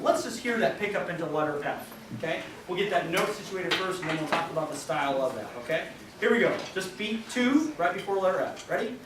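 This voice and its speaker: A man directing a high school band rehearsal, scatting rhythms on nonsense syllables and counting the players in. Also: recorded from a distance, background noise. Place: large band rehearsal room. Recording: echoey rehearsal room from afar with band music. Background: band playing.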